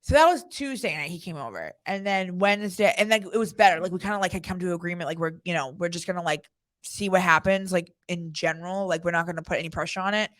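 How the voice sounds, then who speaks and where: A woman's voice: fairly low pitch, quick pace, a bit bright. A woman co-hosting a podcast, telling a story in casual chat, filling her speech with "like". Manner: chatty storytelling, many fillers like "like". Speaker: podcast co-host.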